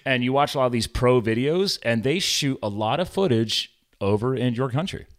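A man's voice: mid-range voice, lively intonation, moderate pace. A man hosting a podcast interview, chatting enthusiastically and laughing often. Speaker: podcast host. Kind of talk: casual interview chat.

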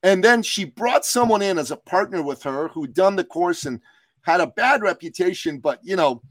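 A man's voice: high voice, lively intonation, normal speed, no room sound. A man from Iran, a business coach and podcast guest, telling motivational stories in an emphatic, slogan-driven way. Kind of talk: motivational podcast interview storytelling.

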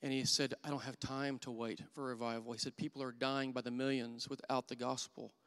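A man's voice: medium pitch, little pitch movement, a little fast, fairly bright tone. Man preaching in a reverberant hall. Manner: candid, self-deprecating storytelling. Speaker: church elder preaching. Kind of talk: sermon.

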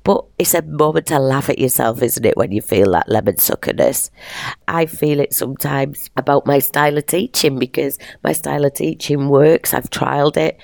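A middle-aged woman hosting a podcast, talking in an animated, playful way and laughing often. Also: sits low, vocal fry, no room sound, clean studio sound. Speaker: podcast host and teacher. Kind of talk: casual motivational monologue.

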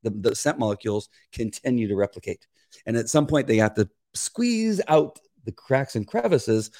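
Animated older man telling a story. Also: medium pitch, moderate pace. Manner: animated, acts out quoted exchanges in a raised voice. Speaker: dog scent detection expert and show regular. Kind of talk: casual chat, storytelling.

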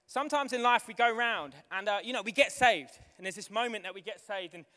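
A man preaching a sermon to his church, excitable and building to fervent shouting, with a live demonstration. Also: sits high, moderate pace. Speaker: pastor. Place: church hall. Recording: long hall reverb with music behind.

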